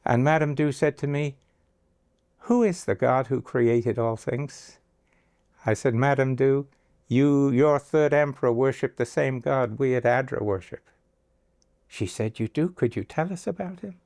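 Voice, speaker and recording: A man's voice: mid-range voice, measured pace, darkish tone. An older man telling stories in an interview, acting out the lines of the people in them. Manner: anecdotal, acts out quoted dialogue. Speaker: interviewee, agency founder. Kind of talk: storytelling interview.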